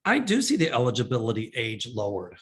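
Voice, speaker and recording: A man's voice: mid-range voice, wildly swooping pitch, fairly quick. Rambling man hosting a psychic show. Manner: rambling, many fillers. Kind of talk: casual monologue answering viewer questions.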